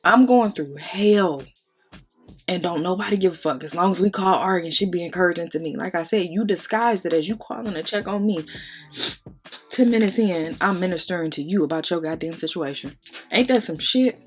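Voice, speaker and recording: A woman's voice: lowish voice, a little fast, soft background music. A young woman vlogger talking candidly during a makeup tutorial, blunt and profane, venting and close to tears. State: on the verge of tears. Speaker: beauty vlogger.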